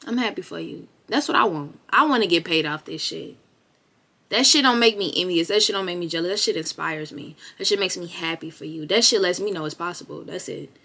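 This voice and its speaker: A woman's voice: lowish voice, a little fast. Blunt, profane young woman vlogger. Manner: animated, rising to loud bursts. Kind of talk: motivational talk to camera.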